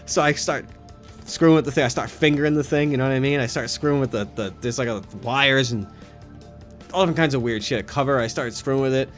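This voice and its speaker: A man's voice: medium pitch, fast, faint music behind. A man telling a rambling, crude personal story in a loose comedic manner with frequent swearing. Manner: breaks into laughter while telling a story, swearing.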